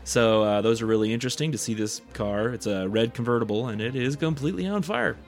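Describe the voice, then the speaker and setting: A man's voice: medium pitch, fast talker, faint music behind. A man with an Eastern California twang hosting a casual local news update, chatty and joking. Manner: chatty, joking asides, informal.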